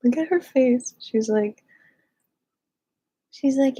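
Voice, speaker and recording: A woman leading a live qigong class, gushing and encouraging, swooping high on affectionate words. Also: slow, breathy edge, rough recording. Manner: gushing, sing-song, warmly encouraging. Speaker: qigong and yoga instructor. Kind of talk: live online movement class.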